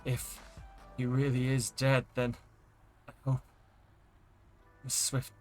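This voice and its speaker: A man's voice: medium pitch, completely flat delivery, takes it slowly, a little mellow, faint music behind, lightly acted. A man reading the lines of an anxious young witch searching for a lost raven. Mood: bitter. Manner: anxious, pleading, brittle.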